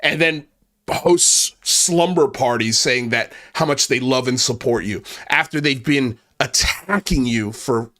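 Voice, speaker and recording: A man's voice: mid-range voice, unhurried, a bit bright. Angry, cursing man ranting. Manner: repeats himself and restarts when worked up. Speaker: commentary channel host. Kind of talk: heated online commentary rant.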